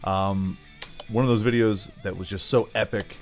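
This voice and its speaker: Chatty, low-voiced Philly man gaming. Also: fairly even intonation, moderate pace, darkish tone, faint music behind. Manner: chatty, rambling asides, playful voices. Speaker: gaming YouTuber. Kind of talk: casual gameplay commentary.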